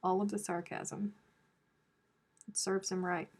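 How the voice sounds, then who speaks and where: A woman's voice: medium pitch, little pitch movement, a little slow, a little mellow, husky. Lady chatting on her crochet livestream, teasing and sarcastic, home mic. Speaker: crochet live stream host. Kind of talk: casual chat reading viewer comments.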